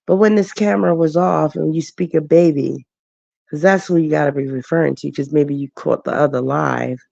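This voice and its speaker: A woman's voice: deep voice, moderate pace, vocal fry, mellow, no room sound, lo-fi sound. A woman hosting a late-night livestream chat, emotional and laughing as she answers her viewers by name. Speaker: livestream host.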